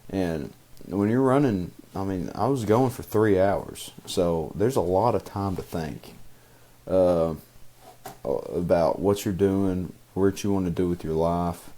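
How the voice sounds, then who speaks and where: A man's voice: sits low, slow pace, mellow. A young man co-hosting a podcast, talking casually in a rambling way with many fillers and restarts. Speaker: podcast co-host. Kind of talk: casual chat.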